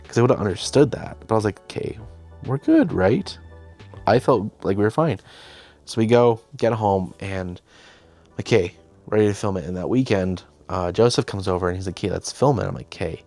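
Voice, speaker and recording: A man's voice: fairly low pitch, animated, normal speed, a little mellow, faint music behind. A young man hosting, casually telling a behind-the-scenes story, chatty and self-deprecating, often quoting himself and others. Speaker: host.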